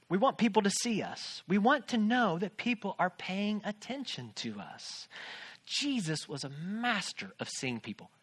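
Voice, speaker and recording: Standing on a church stage, this pastor in his thirties delivers a sermon in a voice that sits high, with a bright, forceful tone. He talks to the congregation in a joking, conversational manner and asks them questions.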